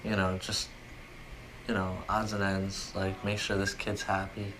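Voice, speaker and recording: A young man with a fairly low voice talks earnestly about his life for a documentary, pausing often. The recording carries clear background noise throughout. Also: monotone. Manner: earnest, plain-spoken, with pauses and fillers. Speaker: camp participant, young father. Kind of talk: documentary interview and candid phone call.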